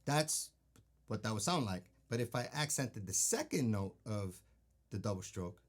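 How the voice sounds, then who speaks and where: A man with a fairly low voice teaches a drum lesson, explaining each motion patiently and counting beats aloud. Loud drumming and stick clicks ring out behind his speech. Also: lively intonation, moderate pace, background noise. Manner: patient, repeats "okay?" to check understanding. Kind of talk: instructional demonstration.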